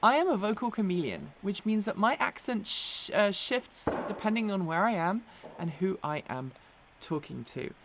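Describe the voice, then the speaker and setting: A woman's voice: medium pitch, big pitch swings, moderate pace, few pauses. A chatty English woman hosts a casual live stream, rambling with plenty of ums and easy laughter. Her accent now and then slips toward American. The sound is a little dull, with faint noise in the background. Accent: English, with occasional American slips. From England. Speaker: host of an electric vehicle news live stream. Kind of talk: casual live-stream chat, reading viewer comments.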